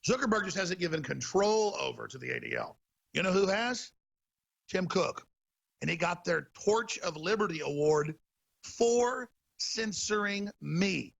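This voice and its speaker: A man in full rant as a talk show host, his voice deeply gravelly and worn rough with a husky edge. He sits a touch higher than most men and hammers every point with heated emphasis. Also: sing-song, normal speed, a bit bright, muffled recording.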